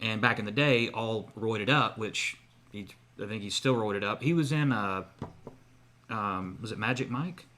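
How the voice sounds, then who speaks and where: A man's voice: on the low side, measured pace, sharp tone. A man co-hosting a podcast, telling a long story in casual chat with many fillers and restarts. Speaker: podcast co-host.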